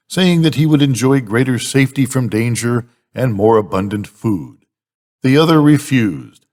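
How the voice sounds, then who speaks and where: An older man reads fables aloud as a bedtime story, his pitch rising and falling in lively storytelling. He keeps a measured, steady delivery. A long hall reverb trails behind his voice. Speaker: grandfather reading to a grandchild.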